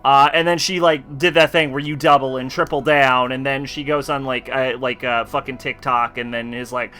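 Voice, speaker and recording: A man's voice: mid-range voice, fairly even intonation, normal speed, bright, forceful tone. A man streaming a video game, chatting casually and rambling, with lots of fillers and swearing. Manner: rambling and profane, heavy with fillers. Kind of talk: casual live-stream chat.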